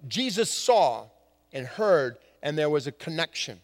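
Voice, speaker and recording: A man preaching a sermon as a pastor, swinging from hushed lines to emphatic ones. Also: a little high, sing-song, a little slow, in a large hall. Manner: dramatic shifts from hushed to emphatic.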